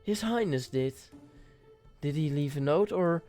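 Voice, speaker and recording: A man's voice: a little high, lively intonation, unhurried, darkish tone, soft background music. A man reading the lines of a deferential young handmaid in a story game. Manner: deferential and eager to help. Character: polite young female handmaid.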